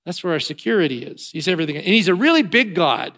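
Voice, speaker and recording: Animated, bright-voiced male preacher. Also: fast. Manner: animated, swings from loud emphatic lines to quiet low ones; speaks in repeated rhythmic phrases. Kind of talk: sermon.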